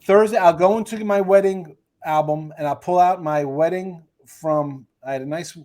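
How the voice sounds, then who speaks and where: A man's voice: on the high side, normal speed, a little mellow. A man with a New Jersey accent hosting a sports betting show, joking and ranting in casual chat.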